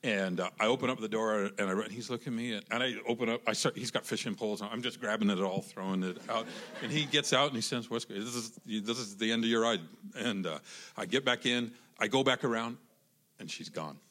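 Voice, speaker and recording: A man telling a personal story in a casual, animated way, with lots of restarts and acted-out quotes. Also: fairly low pitch, a little fast. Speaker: guest telling his love story.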